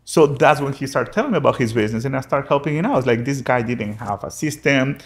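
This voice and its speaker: Creaky-voiced immigrant businessman telling stories. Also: fast. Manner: acts out quoted dialogue with sudden pitch jumps, frequent restarts. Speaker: real estate agent and business owner. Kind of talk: casual interview storytelling.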